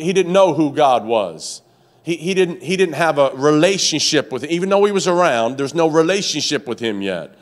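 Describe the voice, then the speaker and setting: A pastor preaching a sermon, telling a story with many stammered restarts and jumping up high in pitch to act out its scenes. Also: male voice.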